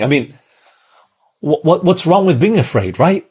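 A man's voice: a little high, animated, moderate pace, pauses often, darkish tone, husky. A man from Australia, preaching a sermon in a conversational way and often checking in with the listeners. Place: church in Malaysia.

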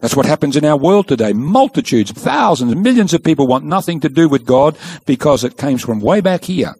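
A man preaching a sermon, telling the story in a lively way and acting out the quoted speech. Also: on the high side, fairly quick, breathy edge.

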